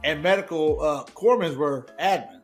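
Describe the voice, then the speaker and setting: A young man with a fairly high voice chatting casually on a podcast. He tells profane anecdotes and keeps laughing, with faint music under him. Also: moderate pace. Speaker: podcast guest. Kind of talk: casual chat.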